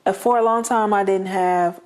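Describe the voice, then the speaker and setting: A woman's voice: medium pitch, steady tone, normal speed, a little mellow. A woman, a guest in an interview, earnestly telling her life story and acting out the voices of the people in it. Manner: earnest, acts out quoted dialogue.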